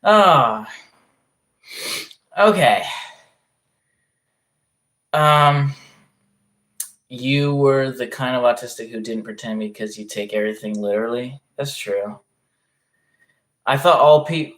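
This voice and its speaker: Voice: mid-range voice, expressive, takes it slowly, long pauses. Rambling, swearing livestreamer reading chat. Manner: rambling, self-interrupting, reacting to chat messages; swearing freely.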